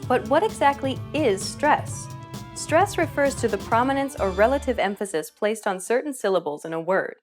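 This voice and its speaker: A woman's voice: a little high, lively intonation, moderate pace, music in the background. Upbeat woman hosting a language lesson. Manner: upbeat, explanatory, asks learners questions. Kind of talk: scripted lesson narration.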